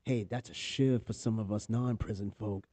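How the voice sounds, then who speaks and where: A man's voice: lowish voice, steady tone, moderate pace, warm tone, dry recording. Profane New York man reading the news. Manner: profane, offhand, reads articles aloud with asides. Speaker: podcast host. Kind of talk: casual news commentary.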